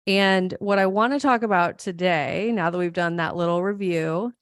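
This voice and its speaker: A woman's voice: on the low side, moderate pace, smooth, no room sound, clean studio sound. A woman psychologist from Montana hosting a solo podcast, explaining ideas in an earnest, friendly way with self-deprecating asides. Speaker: podcast host and clinical psychologist.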